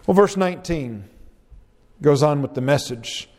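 A man preaching a sermon and reading scripture aloud, slow and deliberate, with dramatic pauses. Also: a little high, lively intonation, darkish tone. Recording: long reverb of a large hall.

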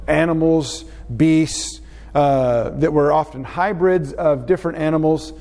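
A man teaching a Bible class in an unhurried way, often pausing with "uh" fillers. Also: a little high, a little mellow. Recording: long reverb in a hall.

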